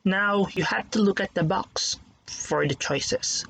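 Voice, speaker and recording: A teacher giving a recorded lesson to young pupils, slowly sounding out words syllable by syllable. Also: mid-range voice, gravelly, a bit bright, slightly rough, rough recording.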